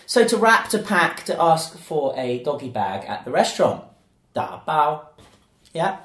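Lively, punning male podcast host. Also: on the high side, a little slow, echoey room. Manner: playful, punning, explains word by word. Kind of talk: casual chat and phrase teaching.

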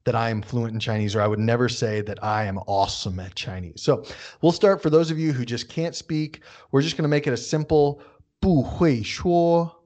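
A man's voice: medium pitch, fairly even intonation, brisk, darkish tone. A man co-hosting a casual podcast, explaining phrases in a friendly way and joking at his own expense. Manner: friendly explaining, self-mocking jokes. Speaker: podcast co-host teaching Chinese. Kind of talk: casual chat.

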